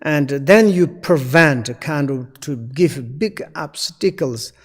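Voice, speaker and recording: Male dharma teacher, unhurried and halting, fairly high-pitched, heard with a lingering reverb tail. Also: animated. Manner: halting, broken non-native phrasing. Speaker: Buddhist teacher. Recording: long echoey reverb.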